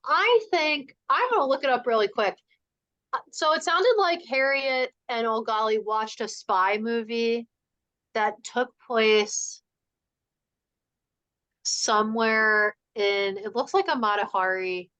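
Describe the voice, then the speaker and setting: Woman teacher, clear storybook read-aloud, bright and forceful tone. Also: fairly high pitch, slow, dull audio.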